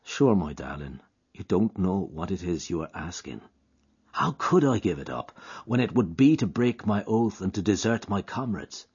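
A secretive young lover coaxes with an earnest brogue, as a male narrator puts him on. His voice rises and falls in a lively way and sounds slightly husky. The recording is dull and lo-fi. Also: low voice, normal speed, exaggerated voice. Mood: coaxing. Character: young Irish man, smooth-talking, secretive lover.

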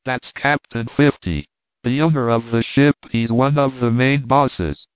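A man voicing a plain-spoken deck sweep who answers in an unhurried, folksy way. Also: mid-range voice, no room sound, lightly acted. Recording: dry, tinny phone-like sound.

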